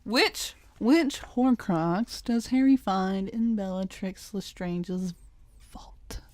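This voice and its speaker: A woman's voice: mid-range voice, slow pace, a little mellow, dry recording. A young woman co-hosting a podcast, reading trivia questions and teasing her friend, laughing often. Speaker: podcast co-host, quizmaster. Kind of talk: casual chat over a trivia board game.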